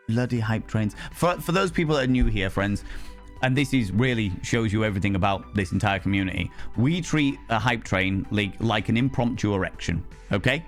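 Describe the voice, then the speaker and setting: A man live-streaming and chatting to his viewers, loud, brash and theatrical, swearing freely. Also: on the low side, expressive, moderate pace, soft background music.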